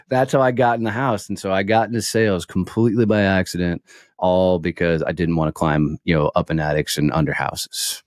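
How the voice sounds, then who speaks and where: A man's voice: low voice, fairly even intonation, moderate pace, dry recording, clean studio sound. A middle-aged man speaking bluntly and casually as an interview guest, telling a story with the odd swear word.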